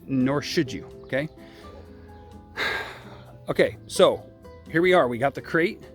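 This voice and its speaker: Man explaining puppy training, "okay?". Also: mid-range voice. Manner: explains step by step, often adding a checking "okay?". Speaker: dog trainer. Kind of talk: casual filmed training demonstration. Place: outdoors by a puppy pen.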